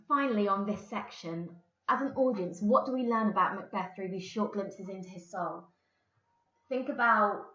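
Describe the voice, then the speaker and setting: A woman with an English accent teaching a recorded English literature lesson, explaining a play and reading quotations plainly. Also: medium pitch. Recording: roomy, dull lo-fi sound.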